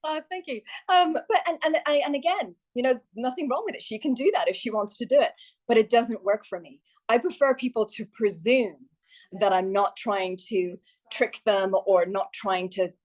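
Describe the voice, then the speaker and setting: A woman's voice: on the high side, normal speed, darkish tone, rough recording. A woman guest on a podcast, a success coach talking candidly and telling stories in a chatty way. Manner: chatty, candid storytelling with quoted asides. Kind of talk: podcast interview.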